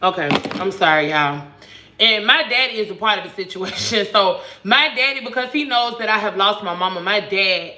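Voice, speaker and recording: A woman's voice: medium pitch, lively intonation, moderate pace, background noise. A woman in her thirties chatting candidly with viewers in casual slang while she cooks in her home kitchen. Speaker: vlogger. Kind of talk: casual storytime chat while cooking. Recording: echoey kitchen.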